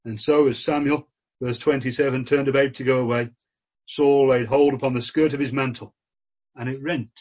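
A man preaching a sermon in an earnest, measured way, with frequent fillers. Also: medium pitch, fairly even intonation, darkish tone. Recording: dull lo-fi recording.

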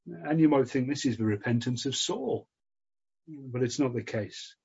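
A man preaching a sermon in an earnest, measured way, with frequent fillers. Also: mid-range voice, creaky, a little mellow, breathy edge. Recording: dull lo-fi recording.

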